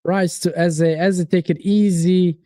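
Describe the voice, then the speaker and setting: An excitable man gives live fan reactions during a football watchalong. He talks casually and directly to viewers in chat, in an unhurried drawl. The recording is dry and close to the mic, with no room sound. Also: sits high, no echo. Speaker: watchalong host.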